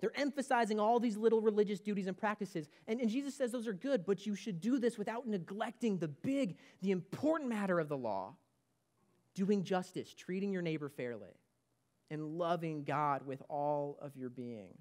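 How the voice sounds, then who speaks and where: A man's voice: high-pitched, expressive, moderate pace, darkish tone. A man preaching a sermon as pastor of a church, emphatic and repeating his key points.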